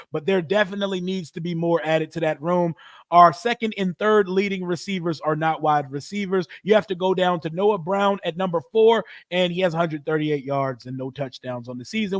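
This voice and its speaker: A man talks sports in a loose, slangy livestream. His voice sits high and he breaks into laughter often. The sound is dry and close. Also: no room sound. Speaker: sports podcast host. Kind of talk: casual livestream commentary.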